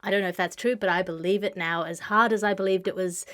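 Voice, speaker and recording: A woman hosting a comedic news podcast with dry, deadpan wit, recorded over a video call. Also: mid-range voice, quick pace. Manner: dry, witty, deadpan delivery. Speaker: host. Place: home, remote video call.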